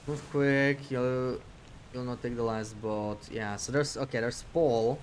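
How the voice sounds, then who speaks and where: A man's voice: medium pitch, fairly even intonation, measured pace. Guy streaming a game, talking himself through it, faint noise behind. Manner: thinks aloud while playing. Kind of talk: casual gameplay commentary.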